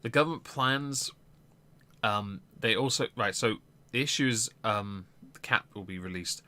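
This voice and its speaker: A man's voice: fairly low pitch, measured pace, pushed and bright. A man hosting a political live stream, giving casual commentary with lots of ums and blunt swearing.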